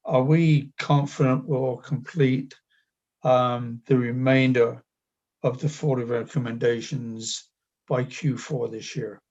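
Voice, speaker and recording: A man, a city councillor, asking staff a question at a meeting in a deliberate way. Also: mid-range voice, steady tone, a little mellow, highs cut off.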